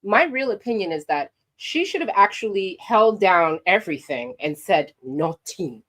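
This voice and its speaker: A New York commentary vlogger with a medium-pitched voice speaks at normal speed, sassy and animated as she gives her opinions straight to the camera and her viewers.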